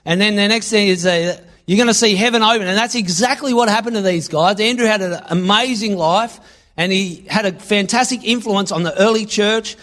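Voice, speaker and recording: A man preaching a sermon, reading scripture aloud and acting out lines with sudden loud bursts. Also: sits high, fairly quick. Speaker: pastor.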